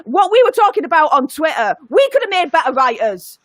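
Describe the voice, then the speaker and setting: A high, bright-voiced woman rants in an angry, exasperated way. The sound is dry and close, from a home mic on a video call. She talks in fiery bursts as a panelist. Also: sing-song, a little fast, no room sound. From United Kingdom. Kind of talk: heated review rant.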